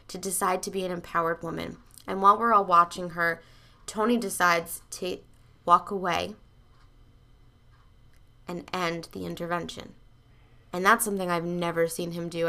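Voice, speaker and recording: A woman hosts a motivational podcast in a bright, forceful voice. She talks bluntly and emphatically, swears freely, and speaks straight to her listeners as a coach. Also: fairly low pitch, creaky.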